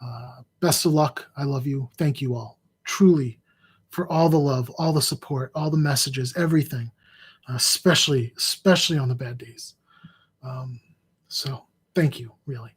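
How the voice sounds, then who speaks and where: A husky-voiced man speaks in a loose, unscripted way, stopping and restarting his sentences. He sounds emotional and close to tears, and there is strain from physical pain in his voice. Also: medium pitch. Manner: rambling, halting, repeats words. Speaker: fantasy sports analyst. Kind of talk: heartfelt casual address to viewers.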